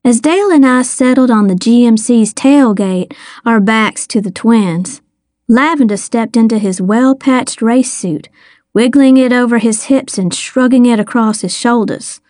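A woman's voice: fairly high pitch, unhurried, darkish tone, no room sound, clean studio sound. A woman narrating a first-person story in a vivid audiobook reading.

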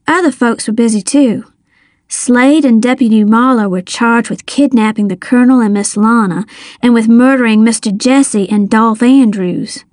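Lively woman narrating an audiobook. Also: a little high, normal speed, no echo, clean studio sound. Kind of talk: scripted first-person narration.

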